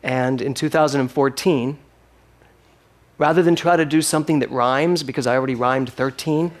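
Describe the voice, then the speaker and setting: A man's voice: mid-range voice, fairly even intonation, normal speed. A man preaching a sermon as minister of his spiritual center, with emphatic rising lines and playful asides.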